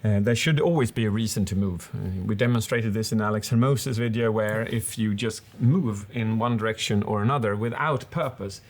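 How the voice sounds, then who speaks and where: A man's voice: fairly low pitch, fairly quick, few pauses. A man co-hosting a casual commentary, analysing a speech with enthusiasm and acting out examples with his voice. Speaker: public speaking coach, co-host.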